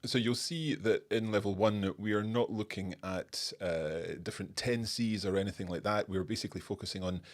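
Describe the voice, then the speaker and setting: A man hosting a live online presentation in a friendly, chatty way. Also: on the low side. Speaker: host.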